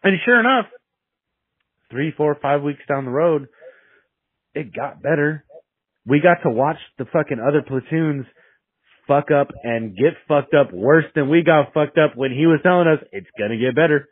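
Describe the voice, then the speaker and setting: A man's voice: on the high side, lively intonation, moderate pace, breathy edge, dry recording. A young man casually telling a story with heavy swearing, rambling and restarting his sentences, heard over a dry, tinny, phone-like recording.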